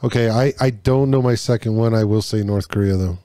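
A man's voice: lowish voice, fairly quick, warm tone, dry recording, studio quality. A man hosting a casual podcast, reading trivia questions aloud in a loose, joking way with stumbles and swearing.

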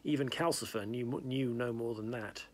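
A man's voice: mid-range voice, steady tone, moderate pace, darkish tone. A man reading a novel aloud in plain narration, with small slips and restarts. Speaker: reader.

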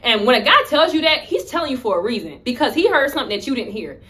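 A young woman chats through a storytime vlog in a bright, forceful voice. She talks in slang and acts out the lines she quotes with lively energy. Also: fairly high pitch, fast talker. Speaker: vlogger telling a story. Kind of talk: casual storytime chat.

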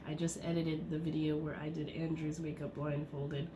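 A woman's voice: sits low, level tone, moderate pace. A woman in her thirties vlogging at home in a chatty, rambling way, her voice stuffed up from a cold. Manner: rambling, chatty, with frequent fillers and laughs. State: congested, sick voice. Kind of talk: casual vlog chat. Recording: noisy home recording.

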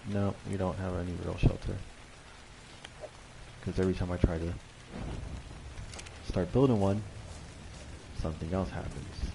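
Man, very deep, gravelly, dry wry gaming commentary, noisy recording. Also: fairly even intonation, unhurried, pauses often. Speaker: gaming channel host. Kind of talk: casual gameplay commentary.

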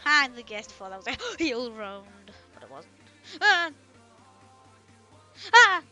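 A woman chatting through a video game, excitable and often bursting into startled screams as she talks to herself and the other players. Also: a little high. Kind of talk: casual gameplay commentary.

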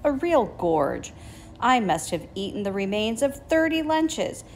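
A woman voicing a bloated, gluttonous male rat in a storybook reading, with a husky, hoarse voice. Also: a little high, sing-song, a little slow, a little hiss or hum, pitched above the performer's own voice. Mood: gloating.

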